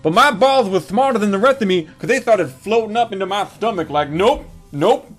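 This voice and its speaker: A man's voice: high-pitched, a little fast, fairly bright tone, faint music behind. A man telling a crude comedic story from his childhood, with a mocking, punchline-driven delivery.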